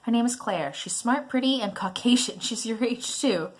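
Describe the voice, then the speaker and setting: A woman's voice: on the high side, normal speed, natural voice. A woman voicing a controlling, prying middle-aged mother in a browser game, nagging and guilt-tripping. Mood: scolding.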